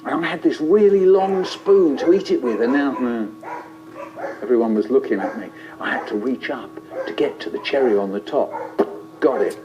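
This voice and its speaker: A man telling a childhood story in a playful, expressive way. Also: medium pitch, normal speed, noisy background. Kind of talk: animated storytelling. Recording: lo-fi, muffled.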